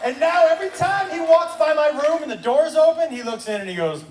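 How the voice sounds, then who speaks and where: High-pitched shouting stand-up comedian. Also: male voice, a little fast, hardly any pauses, a crowd in the background. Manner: animated, bursts into shouting. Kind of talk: stand-up storytelling. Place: comedy club stage. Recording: roomy live club recording from a distance. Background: audience laughter and room noise.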